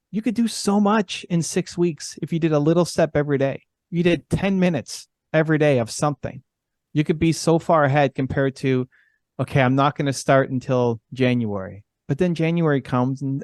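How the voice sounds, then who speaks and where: A man's voice: on the high side, a little mellow, dry recording, studio quality. A man giving an earnest, encouraging motivational talk as guest speaker, repeating himself for emphasis.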